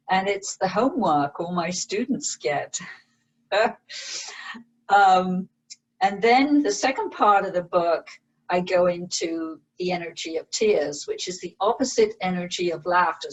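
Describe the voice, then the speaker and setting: A woman meditation teacher and author, explaining her practice in a slow, gentle way as an interview guest. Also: on the low side, lively intonation, low-quality recording. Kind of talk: interview conversation.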